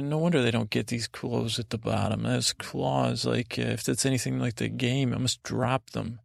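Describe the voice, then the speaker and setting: Creaky, monotone man telling a bedtime story. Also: mid-range voice, no echo, clean studio sound. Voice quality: gravelly, creaky. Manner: meandering, halting, monotone delivery. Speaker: podcast host.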